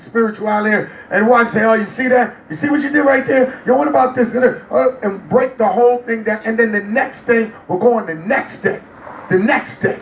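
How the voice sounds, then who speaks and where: A man's voice: very high voice, a little hiss or hum. A middle-aged man being interviewed, telling stories with animation and acting out other people's voices. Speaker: interview guest. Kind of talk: animated storytelling. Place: on a cruise ship. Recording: echoey room, mic at a distance.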